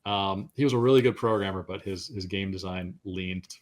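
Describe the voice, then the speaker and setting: A man's voice: low-pitched, normal speed. Rambling middle-aged male game designer. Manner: rambling storyteller, self-deprecating, trips on words. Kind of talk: casual interview chat.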